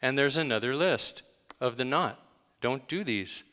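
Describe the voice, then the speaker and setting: A man's voice: medium pitch, animated, measured pace, bright, forceful tone. A male pastor giving a conversational, emphatic sermon, telling everyday stories with dramatic gasps. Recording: long hall reverb.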